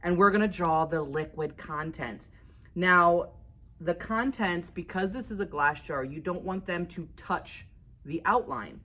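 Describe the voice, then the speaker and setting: A woman's voice: lowish voice, a little slow, a bit bright. A woman giving a casual drawing tutorial as an art instructor, chatty and upbeat, laughing at herself as she works.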